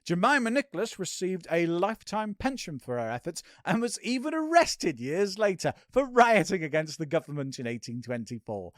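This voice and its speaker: A man's voice: high-pitched, no echo. A man hosting and narrating a comedy history podcast in a playful, jokey, theatrical way. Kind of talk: comic narration and credits.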